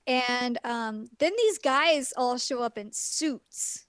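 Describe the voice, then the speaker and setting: A woman's voice: fairly high pitch, slow, fairly bright tone, smooth, no echo, studio quality. A woman on a casual podcast, rambling through a plot recap with lots of ums. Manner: rambling plot retelling with many fillers. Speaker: guest reviewer.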